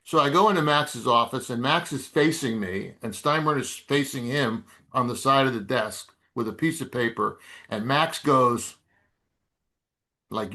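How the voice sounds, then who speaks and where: An older man tells a story with an animated delivery, his voice bright and forceful. His pitch often jumps as he builds a scene, and he is heard through a video call microphone. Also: moderate pace. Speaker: guest speaker. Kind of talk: storytelling anecdote.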